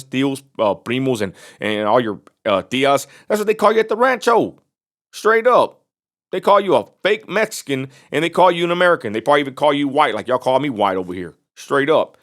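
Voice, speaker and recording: A man's voice: on the high side, animated, quick pace, hardly any pauses, a bit bright. A man from Texas, ranting bluntly in a vlog and repeating himself for emphasis. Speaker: vlogger.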